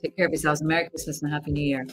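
A woman's voice: sits low, level tone, very fast, soft background music. A woman, an actress, chatting casually with fans on a signing livestream from home, laughing often as she reads the chat aloud.

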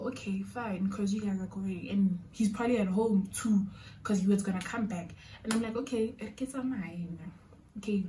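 A woman's voice: medium pitch, recorded from a distance, slight background noise, poor audio. A woman in her twenties with a South African accent, telling a personal story casually, switching languages and acting out what people said. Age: 20s. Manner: animated, acts out quotes. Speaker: storytime vlogger. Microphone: phone camera.

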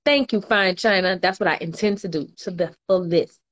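A woman's voice: on the low side, moderate pace, fairly bright tone. A woman, chatting casually on a livestream and reading viewer comments aloud with slangy laughter. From New Orleans, US. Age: 20s. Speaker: livestream host.

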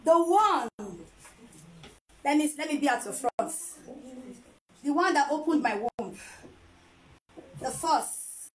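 A woman's voice: high-pitched, expressive, slow pace, pauses often, slight background noise, rough recording. A woman chatting casually to camera as a vlogger, playful and teasing, laughing often. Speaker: vlogger and mother.

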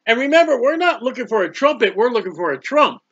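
A man preaching a bible sermon, emphatic and repetitive, building to loud exclamations. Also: extremely high pitch, sing-song, fast, breathy edge, no echo. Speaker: street preacher. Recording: dull muffled lo-fi audio.

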